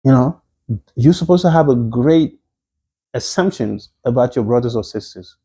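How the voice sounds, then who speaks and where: Mellow-voiced man giving a religious lecture. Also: mid-range voice, animated, normal speed, slightly rough. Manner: conversational, repeats and restarts phrases, frequent exclamations; slips into quoted Arabic phrases. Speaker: Islamic teacher. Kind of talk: recorded Islamic history lecture.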